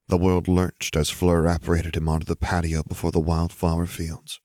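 Male narrator, low voice, steady measured storytelling; dry, close audiobook read. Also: no room sound. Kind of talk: audiobook reading of fan fiction.

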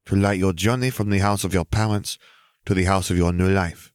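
A man's voice: deep voice, fairly even intonation, brisk, smooth, dry recording, clean studio sound, close to an everyday voice. A man reading fan fiction aloud, voicing a cheeky younger sister with a chirpy, mischievous manner. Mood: formal.

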